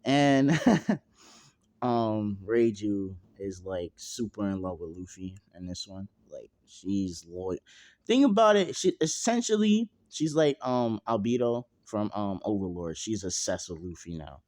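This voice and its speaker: A man's voice: lowish voice, big pitch swings, a little slow, a little mellow. A young man narrating a fan-made story at home in a casual, rambling way, full of fillers and slang and freely swearing.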